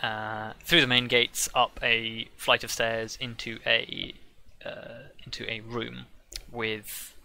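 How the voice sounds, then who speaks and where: A man narrating as game master of a tabletop game, halting often with fillers and restarts. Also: mid-range voice, level tone, creaky, pushed and bright.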